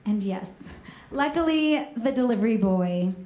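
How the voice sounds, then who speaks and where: A woman from Northern California telling a comedic personal story on stage, lively and self-mocking, acting out the voices she quotes. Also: on the high side, measured pace, reverberant, a little hiss or hum.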